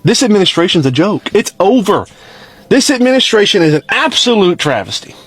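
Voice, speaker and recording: Exasperated man ranting in a lively voice. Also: high-pitched, fairly quick, breathy edge, no room sound. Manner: exasperated and bitter. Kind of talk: frustrated video rant.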